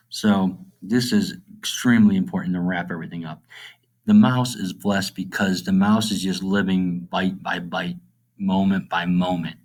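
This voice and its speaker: A middle-aged male teacher giving a recorded literature lesson, reading verse slowly and then explaining it in plain, casual terms, often checking in with "okay?". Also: sits low, steady tone, a little mellow.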